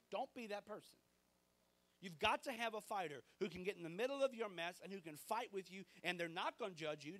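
Pastor, forties, fairly high voice, chatty sermon full of stories and quoted talk. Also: male voice. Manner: conversational, animated storytelling with quoted dialogue.

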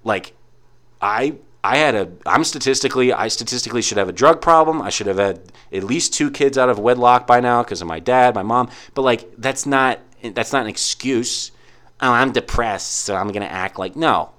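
A man's voice: medium pitch, animated, normal speed, fairly bright tone. A young man in a casual ranting monologue, rambling with lots of "like" and frequent swearing. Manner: rambling, heavy use of "like", profane.

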